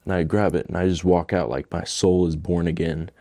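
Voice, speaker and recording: A man's voice: deep voice, fairly even intonation, fairly quick, mellow, no room sound, clean studio sound. A young man telling his personal testimony in a casual, rambling way, earnest and emotional, filling his speech with "like". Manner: rambling, fills with "like".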